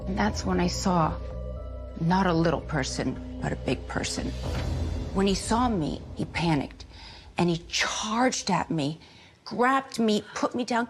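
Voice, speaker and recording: A woman in her forties telling a frightening story in an animated way, at times dropping to a whisper. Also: lowish voice, unhurried, over music. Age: 40s. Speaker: reality show cast member. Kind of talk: emotional retelling in a reunion talk.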